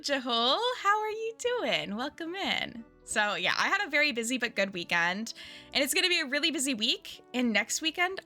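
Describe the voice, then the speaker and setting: A young woman streaming from home, chatting to her viewers in a bright, fairly high voice that swoops up and down a lot. She rambles along in a bubbly way, with quick restarts, and faint game music plays behind her. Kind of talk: casual chat with stream viewers.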